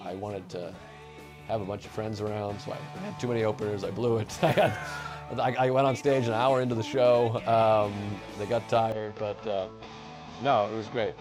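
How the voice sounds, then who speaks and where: A comedian from New England reflecting on a hometown show in a halting, modest interview voice. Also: male voice, on the low side, little pitch movement. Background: music.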